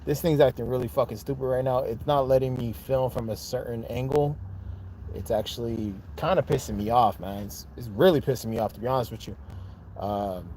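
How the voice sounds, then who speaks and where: A man's voice: mid-range voice, fairly quick, dark tone, a little hiss or hum. A man hosting a casual live chat from his phone, talking straight to his viewers with a lot of swearing. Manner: profane, frustrated then hyped, addresses viewers directly. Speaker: livestream host. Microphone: phone held in hand.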